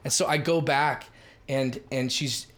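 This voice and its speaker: A middle-aged man from Minnesota, telling ministry stories in a lively, emphatic way as a podcast guest. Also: medium pitch. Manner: lively, emphatic, quick shifts in loudness. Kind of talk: animated storytelling in a podcast chat.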